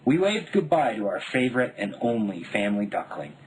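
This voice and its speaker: A man from Denver narrating his own memoir in a wry, deadpan voice. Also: mid-range voice, brisk, few pauses, a little hiss or hum, rough recording. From Denver, United States. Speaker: memoir author.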